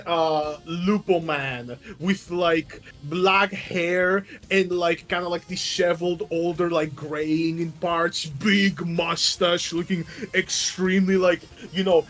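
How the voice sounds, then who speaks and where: A man's voice: sits high, a bit bright. A man narrating as game master of a tabletop game, in a casual, hesitant way with frequent swearing and laughs.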